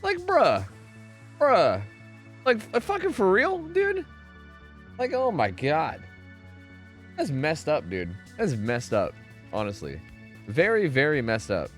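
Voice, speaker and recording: A young man streaming a game, talking casually and swearing often. His pitch swings widely from low mutters to high yelps, and faint music plays behind him. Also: huge pitch swings, slow, pauses often. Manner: profane, rambling, reacts loudly to chat. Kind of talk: casual gaming stream chat.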